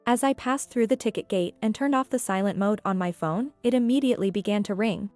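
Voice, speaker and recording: Calm woman narrating a story. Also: medium pitch, no echo. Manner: calm, measured. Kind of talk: scripted first-person story narration. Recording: dry with faint music.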